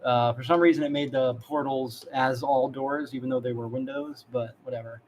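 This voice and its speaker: A man's voice: medium pitch, fairly even intonation, moderate pace, a little mellow, slight background noise. A man narrating a tabletop game as dungeon master, rambling with laughing asides.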